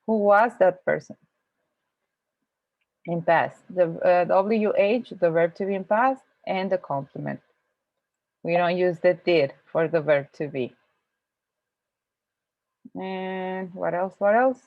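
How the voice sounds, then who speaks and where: A woman with Spanish as her teaches English in an online class, explaining grammar step by step and restarting her sentences as she thinks. Her voice sits a little low. The sound is thin and phone-like, and dry with no room echo. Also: slow pace, long pauses. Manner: explains patiently, with frequent restarts and thinking aloud. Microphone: video call. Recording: tinny video-call audio, dry.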